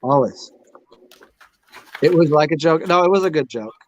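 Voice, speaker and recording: American man, tarot livestream host, crude rambling banter, higher voice, dull lo-fi mic. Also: expressive, normal speed, a little hiss or hum. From United States. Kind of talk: casual livestream chat.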